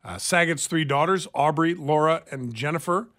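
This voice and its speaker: Male talk radio host, slightly high voice. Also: moderate pace, a bit bright. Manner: conversational, reads news aloud with asides. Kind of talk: casual talk radio chat. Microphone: studio microphone.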